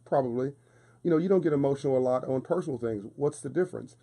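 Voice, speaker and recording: This radio guest talks fast in a mid-range voice that is creaky yet warm. In the studio for a casual interview, he speaks with fervent emphasis, like a preacher, driving points home through repetition.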